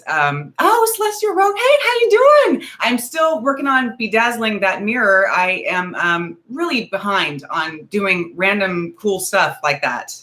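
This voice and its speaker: A woman hosting her first livestream, bubbly, excitable and chatty as she greets viewers. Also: lowish voice. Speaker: livestream host. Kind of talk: casual livestream chat.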